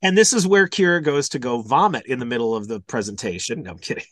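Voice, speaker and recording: A man from Wisconsin, a radio host and podcast guest, chatting casually in an animated, joking way. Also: medium pitch, quick pace, no echo, clean studio sound. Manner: animated, joking, slips into silly voices.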